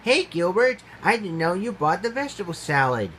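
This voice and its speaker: A man voicing a squeaky, indignant female critter in a storybook reading. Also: expressive, a little slow, a bit bright, slight background noise. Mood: cheerful. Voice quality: high squeaky. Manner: shrieking indignant scolding. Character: shrill scolding female critter.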